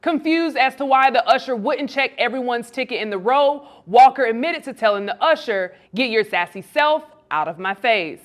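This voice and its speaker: A woman hosting an entertainment news show, reading the story and then greeting her guest with excitement. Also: fairly high pitch, moderate pace, hardly any pauses. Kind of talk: scripted news read then interview.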